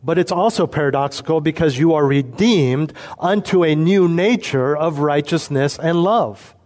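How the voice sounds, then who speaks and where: A man's voice: a little high, darkish tone. Guy pastor giving a sermon, earnest, leans hard on key words. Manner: earnest, emphatic, slows down for emphasis. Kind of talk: expository sermon.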